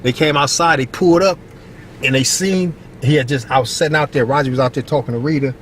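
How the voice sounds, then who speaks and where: A middle-aged man from Long Beach, California, telling stories from his youth as a vlogger. He tells them in an animated way, puts on high voices for the people he quotes, and often asks "you know what I mean". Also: fast talker. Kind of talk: casual storytelling. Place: outdoors by a basketball court, moving in traffic. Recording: faint street and traffic noise outdoors.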